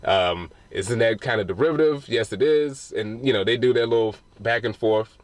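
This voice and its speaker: A man's voice: mid-range voice, moderate pace, no room sound. A man giving a casual spoiler recap of a film, talking loosely with cursing and frequent restarts. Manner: loose and profane, full of restarts. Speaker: movie reviewer.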